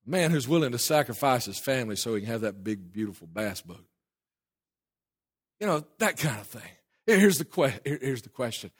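A man preaching a sermon, emphatic and hurried, swinging between loud declarations and low asides. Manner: hurried, with restarts and asides to a helper. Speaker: pastor.

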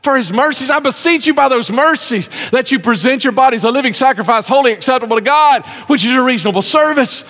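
A man preaching a sermon to his congregation, emphatic, swinging between loud pleas and hushed earnest lines. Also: very high voice, animated, fast, hardly any pauses. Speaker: pastor. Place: church service in a civic center. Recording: long hall reverb.

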